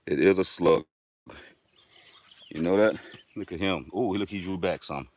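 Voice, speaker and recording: Low-voiced man chatting on a morning walk. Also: unhurried, darkish tone. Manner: upbeat, chatty, addresses viewers directly. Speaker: live-stream host. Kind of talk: casual live-stream chat while walking. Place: outdoors on a dirt road.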